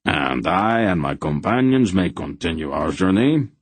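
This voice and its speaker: Smug courtly knight, slow and low, formal speech, read by a man. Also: sing-song, husky, dry recording, full character voice. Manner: formal, unhurried, mock-courteous. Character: haughty, courtly male knight, archaic speech.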